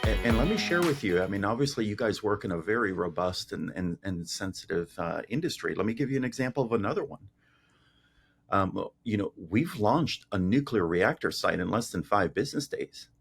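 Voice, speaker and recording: A man's voice: on the low side, animated, brisk, creaky, slightly rough, faint music behind. A man, a tech company founder, speaking as a podcast guest and explaining ideas through homely analogies with frequent restarts. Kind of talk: casual interview chat.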